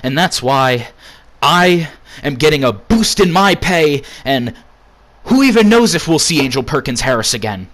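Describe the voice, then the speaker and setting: A man rants sarcastically through an in-character wrestling promo, swearing at nearly every turn. His voice sits at an ordinary middle pitch. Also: sing-song, normal speed, fairly bright tone. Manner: profane, ranting, sarcastic.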